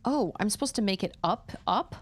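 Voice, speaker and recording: A woman's voice: medium pitch, lively intonation, brisk. A woman streamer chatting casually and thinking aloud while she plays a game. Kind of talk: casual gameplay chat.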